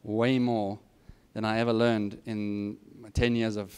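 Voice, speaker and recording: A middle-aged man speaks a little slowly in a low-side voice that is darkish, clear and resonant, with flat delivery. As a guest speaker in an informal advice talk, he tells students candidly and plainly about careers, with self-deprecating asides.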